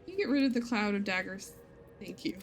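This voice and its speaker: A woman's voice: mid-range voice, very animated, fairly quick. A woman live-streaming a video game, chatting casually, thinking aloud and laughing easily as she plays.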